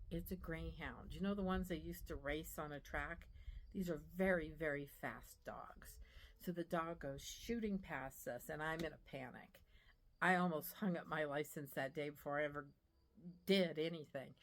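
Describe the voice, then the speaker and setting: A middle-aged woman with a slightly low voice tells a story from her working life. She talks casually and brings it to life by acting out the voices of the people she quotes. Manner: animated, acts out quoted voices. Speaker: real estate agent.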